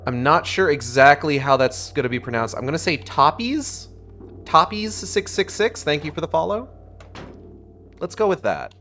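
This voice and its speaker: A man's voice: fairly high pitch, animated, fairly quick, fairly bright tone, slight background noise. A man streaming a video game live, chatting casually and swearing as he plays, thinking aloud with plenty of fillers. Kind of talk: live gameplay commentary.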